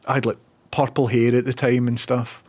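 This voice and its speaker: A man with a Scottish accent streaming online, chatting casually, reading viewer comments and telling animated anecdotes. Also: medium pitch, moderate pace. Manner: animated storyteller acting out others' lines. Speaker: Twitch streamer.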